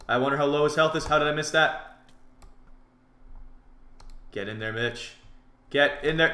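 A man giving jokey, excitable commentary over his own gameplay, muttering through menus and shouting in fights. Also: mid-range voice, a little fast, reverberant. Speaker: gaming commentator. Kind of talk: live game commentary.

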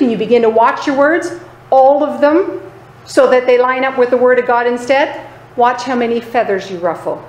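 A woman teaching a sermon with emphasis, keeps asking her listeners "right?" and drops into lower, quieter voices to act out other people. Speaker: Bible teacher. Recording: echoey room, faint background noise.

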